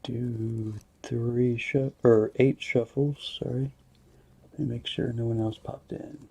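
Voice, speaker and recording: A man running a live-stream giveaway in casual chat, murmuring asides and breaking into bursts of excitement at results. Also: mid-range voice, measured pace, gravelly.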